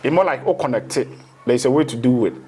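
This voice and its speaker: A man's voice: mid-range voice, fast, warm tone, husky. A man, a spiritual teacher in a casual interview, rambling through explanations and slipping into local phrases.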